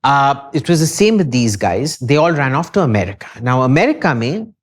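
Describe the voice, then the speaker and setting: A man's voice: mid-range voice, big pitch swings, a little fast. A man with an Indian accent, a podcast guest lecturing emphatically and with strong opinions in a casual discussion.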